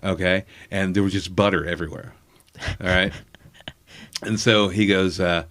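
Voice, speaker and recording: A fairly low-voiced man tells a loose, rambling story as a guest. He circles back with fillers and asides, in the relaxed rhythm of a comedian chatting. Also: a little slow, pauses often. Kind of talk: casual anecdotal storytelling.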